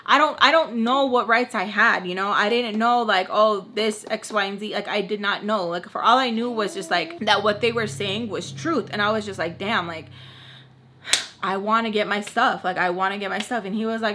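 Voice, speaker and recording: A woman's voice: mid-range voice, fairly quick, pushed and bright, slight background noise. A young woman vlogger casually retelling a story, acting out the quotes and slipping into Spanish now and then. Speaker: beauty vlogger telling a story.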